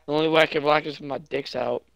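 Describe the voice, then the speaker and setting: A man's voice: fairly high pitch, steady tone, rapid-fire, creaky, a bit bright, dry recording, highs cut off. A man chatting casually on a stream with a friend, crude, swearing and prone to giggling.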